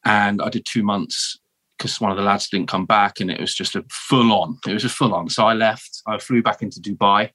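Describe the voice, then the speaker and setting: A man in his thirties from the south of England with a southern English accent, telling stories as a guest in a casual interview, animated and full of restarts. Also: lowish voice, moderate pace, dry recording. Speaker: guest, former marine.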